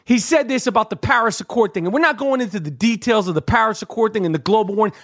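High-voiced man on a fired-up profane rant. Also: quick pace. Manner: fired-up, profane, repeats words when searching. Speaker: podcast co-host. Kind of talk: heated casual rant.

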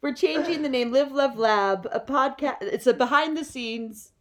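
Brief: woman co-host, 30s, dry jokes, slightly high voice, casual banter. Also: normal speed. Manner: joking, sarcastic, acts out kids' whiny voices. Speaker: podcast co-host. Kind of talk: casual chat.

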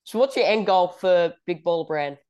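A woman's voice: on the low side, moderate pace, a little mellow. A woman with an Australian accent hosting a sports podcast, asking polite interview questions and agreeing often. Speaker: podcast host.

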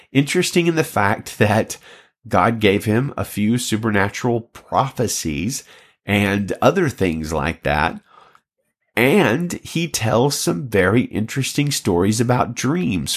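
Man preaching, lively voice, low pitch. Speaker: pastor. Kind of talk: teaching sermon, reading quoted stories.

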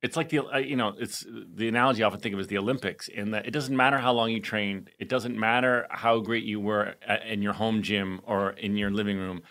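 A man leading a relaxed conversation, telling stories with an animated, laughing delivery. His voice is bright and forward. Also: on the low side, a little fast, hardly any pauses. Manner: animated storyteller who laughs while telling. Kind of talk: casual podcast chat.

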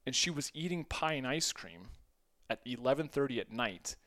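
A man's voice: mid-range voice, animated, normal speed, fairly bright tone. A man in his forties talks through a solo podcast episode in a loose, conversational way. He is self-deprecating and breaks into short laughs between phrases. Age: 40s. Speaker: podcast host. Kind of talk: casual solo podcast monologue.

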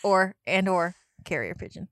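A woman's voice: lowish voice, animated, moderate pace, fairly bright tone, no echo, studio quality. A woman co-hosting a podcast in casual chat, talking in a chatty, giggly way and trailing off with fillers. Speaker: podcast co-host.

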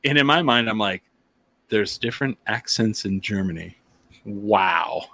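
A man hosting a podcast, chatting casually and telling stories, with animated quoted voices. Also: on the low side, a little slow, creaky, dry recording. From near the Texas border, eastern New Mexico. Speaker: podcast host. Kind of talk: casual chat, storytelling.

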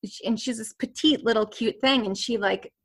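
A woman being interviewed tells a personal story in conversation, rambling with many fillers, restarts and nervous laughs. Her voice is on the high side and fairly bright, and she talks at normal speed.

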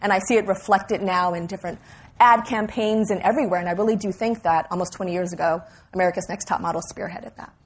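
Lively middle-aged woman telling stories. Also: medium pitch, fast, slightly rough. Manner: animated, storytelling with laughs and exclamations. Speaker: interview guest. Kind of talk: conversational interview.

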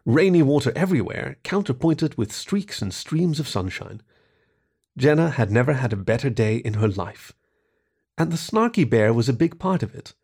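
A man narrating a short story in an expressive reading voice. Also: mid-range voice, moderate pace, creaky, breathy edge.

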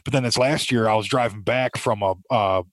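A young man co-hosting a casual podcast tells stories animatedly, swearing a lot and laughing often. His voice is on the low side and brisk, with no room sound.

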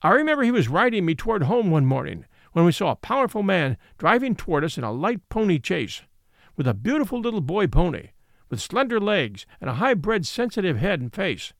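A man's voice: sits high, very animated, brisk, no echo, studio quality. A man reading a classic novel aloud, giving its characters their own voices. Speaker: audiobook narrator. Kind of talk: scripted storybook narration.

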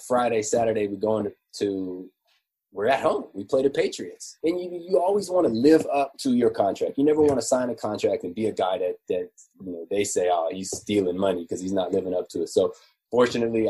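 A man in his forties, a former football player, telling stories in a relaxed, chatty way with many fillers. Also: lowish voice, husky. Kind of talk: casual storytelling interview.

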